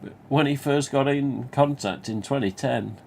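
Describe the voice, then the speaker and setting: A man's voice: medium pitch, normal speed, creaky, darkish tone, slight background noise. A man with a Nottingham accent, hosting a live stream and casually telling a rambling, sweary story with restarts. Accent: Nottingham English. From England.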